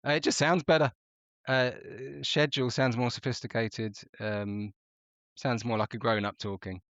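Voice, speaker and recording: A man's voice: mid-range voice, fairly even intonation, moderate pace, fairly bright tone, no echo. A man with an English accent, a podcast guest chatting in a wry, hesitant way with plenty of ums. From England. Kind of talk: casual podcast chat. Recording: dull lo-fi remote audio.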